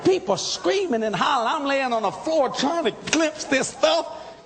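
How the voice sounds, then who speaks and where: A man preaching a testimony sermon, telling his story with excitable emphasis and sudden shouts. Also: extremely high pitch, normal speed, long reverb tail, crowd noise, noisy background.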